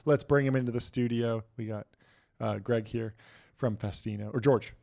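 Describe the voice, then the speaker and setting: A man's voice: mid-range voice, fairly even intonation, normal speed, vocal fry, dark tone. A man hosting a tech talk show, upbeat and joking as he brings guests on. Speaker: show host.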